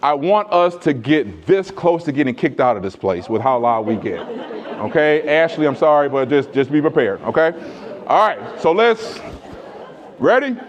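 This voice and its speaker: A man delivering an energetic motivational keynote speech on stage, leading the audience in chants and shouting at the high points. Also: normal speed. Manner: energetic, leads crowd chants, shouts at peaks. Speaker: keynote speaker. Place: large conference hall with audience.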